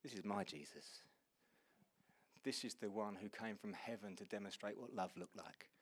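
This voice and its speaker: A man's voice: on the low side, breathy edge. Impassioned male preacher. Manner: impassioned preaching that swings from loud exclamations to hushed, slow passages; earnest and personal, speaking directly to the congregation. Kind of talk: sermon.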